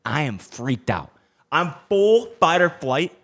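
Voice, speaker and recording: A young adult man hosting a podcast, telling a story in an animated, casual way, cursing now and then and checking in with "okay?". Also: a little high, slow. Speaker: podcast host.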